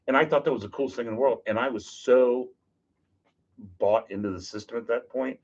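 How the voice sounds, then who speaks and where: A man, a podcast guest, telling stories in a casual, animated, joking way and acting out what people said. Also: medium pitch, fairly quick. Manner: animated, jokey, acts out quotes. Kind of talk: casual storytelling. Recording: dull lo-fi podcast audio.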